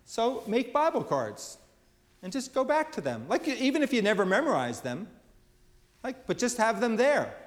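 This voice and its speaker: A middle-aged male pastor giving a conversational sermon, quoting scripture and pausing on fillers. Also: very high voice, huge pitch swings, in a large hall. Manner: conversational preaching, quotes scripture, frequent fillers.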